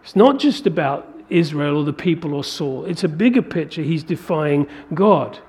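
A man preaching a sermon, emphatic, with his delivery building to forceful peaks. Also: fairly high pitch, animated, normal speed.

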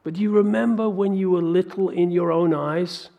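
Male pastor mid-sermon, slightly raised pitch, gravelly texture, animated and questioning. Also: normal speed, highs cut off. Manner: animated preaching with rhetorical questions.

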